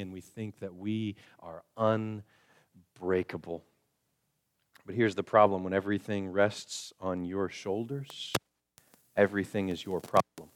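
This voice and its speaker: A male pastor preaching a sermon, swinging from quiet, slow passages to loud, high emphasis and acting out quoted voices. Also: fairly even intonation. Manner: acts out quoted voices of the congregation. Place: church.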